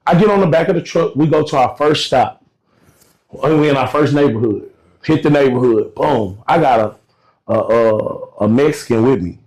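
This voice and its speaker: A man's voice: mid-range voice, moderate pace. A man talking as a podcast guest, telling a story casually in slangy, direct speech and acting out the other people in it. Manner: animated, acts out voices of people in his stories; slangy, direct address to listeners.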